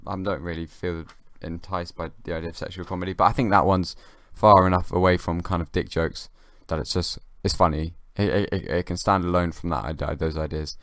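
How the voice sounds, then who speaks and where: A young man hosting his own comedy podcast, rambling in a halting, dry way with many restarts. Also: sits low, fairly even intonation, fairly bright tone. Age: young adult. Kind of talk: rambling comic monologue.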